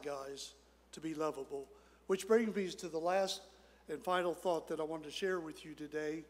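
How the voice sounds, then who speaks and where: A pastor preaches in a high-pitched voice, spinning a folksy story and letting his voice drop low and soft at its tender moments. His words ring out with long reverb in the church sanctuary. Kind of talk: sermon with storytelling.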